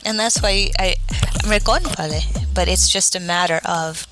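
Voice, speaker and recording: A woman talking candidly and hesitantly as a podcast guest, with frequent pauses and fillers. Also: on the low side, fairly even intonation. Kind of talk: casual podcast chat. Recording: podcast with music bed. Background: music.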